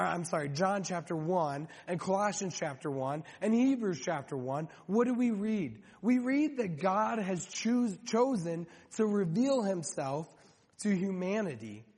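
A man's voice: high voice, vocal fry, darkish tone, husky. A man preaching a sermon as pastor, speaking conversationally with frequent restarts and rhetorical questions. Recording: long hall reverb.

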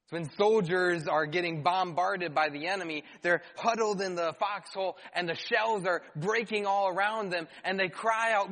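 A man's voice: high voice, normal speed, few pauses, pushed and bright. A man preaching a sermon as pastor, reading scripture aloud and adding rhetorical questions and dry asides. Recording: long hall reverb.

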